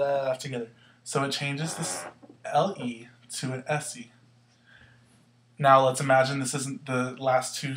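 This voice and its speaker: A man's voice: medium pitch, a bit bright. A man teaching a Spanish grammar lesson, explaining patiently step by step and asking questions as he goes.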